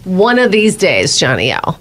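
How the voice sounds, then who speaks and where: A woman's voice: lowish voice, wildly swooping pitch, unhurried, fairly bright tone, slight background noise. A woman co-hosting a morning radio news show, chatty and teasing, laughing easily. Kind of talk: casual morning radio banter.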